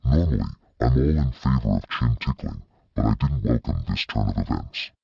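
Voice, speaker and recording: Very deep gravelly male narrator. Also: expressive, moderate pace, dry recording, lo-fi sound. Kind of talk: scripted audiobook narration.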